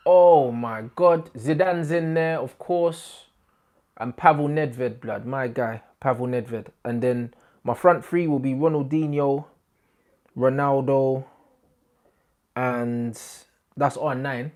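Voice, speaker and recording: Young male host, casual football banter, excitable and slangy. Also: mid-range voice, takes it slowly. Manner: animated slang-heavy banter, bursts of excitement. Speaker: YouTube host. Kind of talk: casual football chat to camera.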